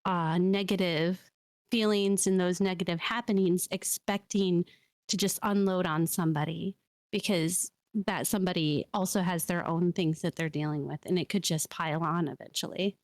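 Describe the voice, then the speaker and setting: A woman's voice: lowish voice, steady tone, no room sound. Earnest woman podcaster, dry mic. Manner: earnest, advice-giving, measured. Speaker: VTuber podcast host. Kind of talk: casual podcast chat.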